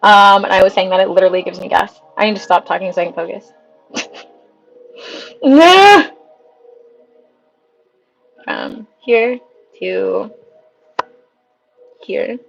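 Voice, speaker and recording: A woman singer chatting on a livestream, excitable and talkative, laughing often. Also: mid-range voice, normal speed, vocal fry, pauses often, soft background music, low-quality recording. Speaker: singer livestreaming a vote contest. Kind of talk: casual livestream chat.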